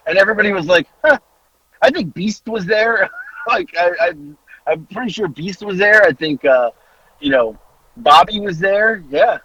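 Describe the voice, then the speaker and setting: A man in his forties, a podcast co-host, telling a story in casual chat and acting out the quotes with big jumps in pitch. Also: lively intonation, moderate pace, bright, forceful tone, husky, dry recording. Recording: dull lo-fi audio.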